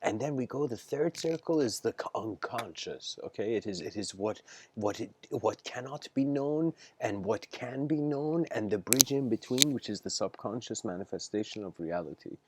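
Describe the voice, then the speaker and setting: A man's voice: fairly low pitch, expressive, moderate pace, noisy background. A man giving an improvised philosophical lecture on a livestream, searching for words, restarting phrases and checking in with his listeners. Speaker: spiritual lecturer.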